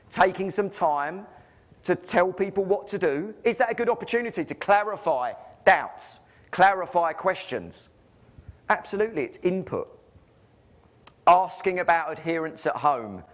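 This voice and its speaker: Lively English man giving a conference talk. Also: fairly high pitch. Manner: lively, rhetorical questions, jokey asides. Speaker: conference speaker, physiotherapist. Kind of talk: conference presentation.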